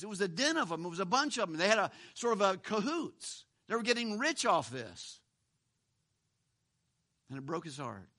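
High, bright-voiced male preacher. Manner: conversational, repeats words, asks rhetorical questions. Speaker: pastor. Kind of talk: sermon.

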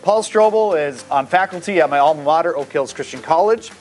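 A man's voice: a little high, expressive, a little fast, a little mellow, faint music behind. A man reading church announcements in an upbeat, promotional way.

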